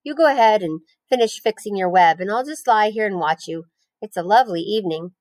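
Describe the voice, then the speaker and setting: A woman's voice: mid-range voice, expressive, a little fast, darkish tone, no room sound, lightly acted. A young, nervous pig as a woman puts him on while reading aloud, eager and pleading in his questions. His voice is lifted a bit above the reader's own, in a dry, close storybook recording. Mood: dreamy.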